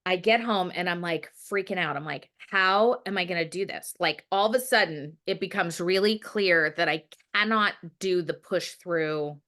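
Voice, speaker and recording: Chatty storytelling woman, lower voice. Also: normal speed, few pauses, fairly bright tone. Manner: rambling, many fillers, acts out her own past words. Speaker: guest. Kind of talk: casual storytelling.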